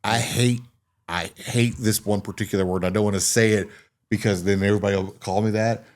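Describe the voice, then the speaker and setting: A man with a Texan accent hosting a casual podcast chat, telling animated stories, swearing freely and acting out other people's voices. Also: on the low side, fairly quick. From Texas. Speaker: podcast host.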